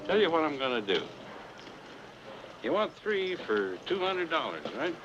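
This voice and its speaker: A man's voice: fairly high pitch, very animated, measured pace. An actor playing a shrewd frontier man bargaining in an old western film. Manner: wheedling, dealmaking. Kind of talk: 1970s western film dialogue. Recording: dull old film audio with hiss.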